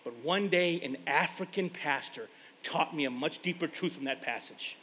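Pastor, male, somewhat high voice, animated storyteller, long hall reverb. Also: normal speed. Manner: animated storytelling, paraphrasing scripture in casual speech. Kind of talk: sermon.

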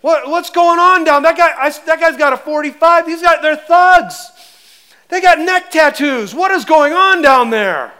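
Man doing a high, shrill busybody, scandalized and spying, loud agitated gasps. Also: expressive, a little slow, full character voice. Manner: agitated, gasping exclamations. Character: nosy scandalized religious man spying from down the street.

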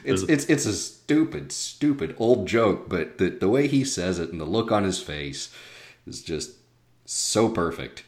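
A man's voice: low voice, sing-song, a little slow. A man co-hosting a casual film podcast, talking with frequent hesitations and restarts. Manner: hesitant, many restarts and fillers. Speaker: podcast co-host.

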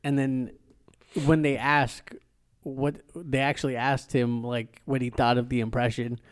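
A man's voice: medium pitch, level tone, unhurried, clear, resonant tone. A man in casual movie chat, joking and swearing freely, often agreeing with the others. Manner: profane, joking, frequent agreement.

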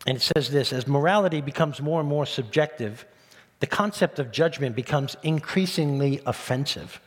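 A man's voice: mid-range voice, normal speed. Male pastor preaching in a reverberant hall. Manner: animated, rising emphatic delivery with rhetorical questions. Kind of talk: sermon. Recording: long reverb of a church hall.

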